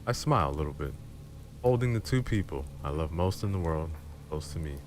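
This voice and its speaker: Guy with a super low voice reading a story slow and close up, music and rain going behind him. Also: animated. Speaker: storyteller streamer. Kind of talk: dramatic horror story reading. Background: background music and rain.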